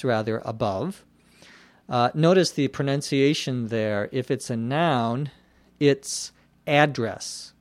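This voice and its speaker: A man teaching English vocabulary, explaining words slowly and spelling them out letter by letter. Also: mid-range voice, no room sound. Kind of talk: slow explanatory lesson.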